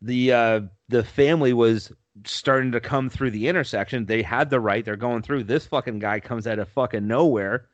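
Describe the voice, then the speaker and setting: A man's voice: medium pitch, moderate pace, no echo. Profane laughing storyteller man, dry lo-fi sound. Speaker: podcast co-host telling a story. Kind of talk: casual storytelling chat.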